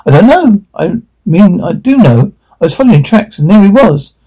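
A man reading the part of a shaken, earnest young woman officer, halting as he reads. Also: sits high, big pitch swings, warm tone, breathy edge, pitched above the performer's own voice, heavily acted, rough recording.

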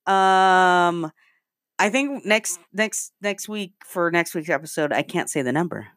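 A woman's voice: on the low side, lively intonation, unhurried, a bit bright, no echo, clean studio sound. A woman co-hosting a podcast, chatting casually in a playful, rambling way and laughing often. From rural area. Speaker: podcast co-host. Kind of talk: casual chat.

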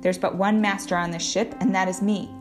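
A woman's voice: medium pitch, steady tone, brisk, natural voice. A woman reading the part of a cold, contemptuous male ship captain in a firm, commanding voice. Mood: stern. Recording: guitar music playing underneath.

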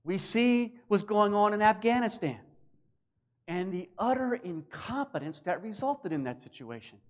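High-pitched man preaching a sermon. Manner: animated preaching, acting out voices for emphasis. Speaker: pastor.

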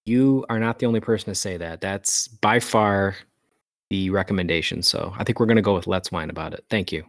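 A man's voice: sits low, fairly quick. A man co-hosting a casual podcast, teasing and wisecracking with his co-host. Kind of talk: casual chat.

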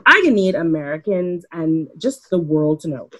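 A woman with a lowish voice argues her points on a podcast. She talks emphatically and opinionatedly. The delivery is casual, as if among friends. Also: animated, measured pace, fairly bright tone, low-quality recording. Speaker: podcast co-host.

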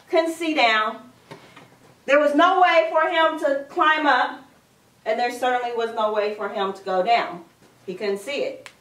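A woman's voice: high voice, fairly bright tone. A woman preacher giving a sermon, telling a story and repeating phrases for emphasis. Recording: echoey room from a distance.

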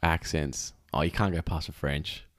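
A man co-hosting a podcast in casual chat, animated and laughing often, with many fillers. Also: rumbling low, moderate pace, dry recording. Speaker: podcast co-host.

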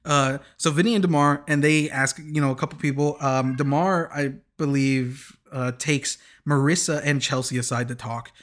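A man's voice: on the high side, fairly even intonation, fairly bright tone. A man chatting casually as a podcast host, joking, laughing easily and often restarting his sentences. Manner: rambling, joking, quick to laugh; restarts and corrects himself often. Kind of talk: casual chat recapping a TV show.

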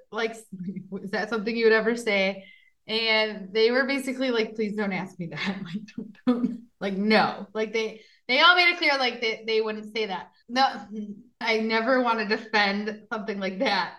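Podcast co-host, woman, bright forward voice, casual true crime storyteller with a bit of a high pitch. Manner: chatty storyteller, frequent fillers and laughs.

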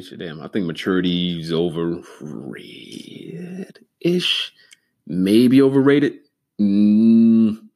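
A man hosting a solo podcast, rambling and cursing freely, sometimes getting excitable. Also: low-pitched. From Denver, Colorado. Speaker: podcast host. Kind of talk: solo casual podcast monologue.

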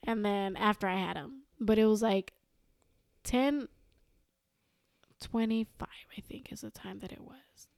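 A young woman telling a story as a podcast guest, animated and quoting herself and others. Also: medium pitch, a little slow, creaky, pauses often, no room sound, studio quality. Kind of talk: casual storytelling.

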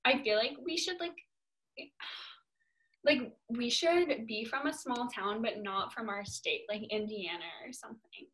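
A young woman from Virginia co-hosting a casual podcast chat, animated, peppering her talk with "like" and swearing freely. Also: on the high side, measured pace. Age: young adult. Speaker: podcast co-host.

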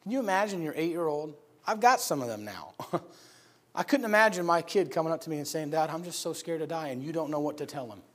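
A middle-aged man from upstate New York delivers a sermon as a lively personal story. His voice sits fairly high for a man. He swings between loud, shouted lines for the people in his story and quiet, hushed passages when things turn serious. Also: brisk. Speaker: preacher.

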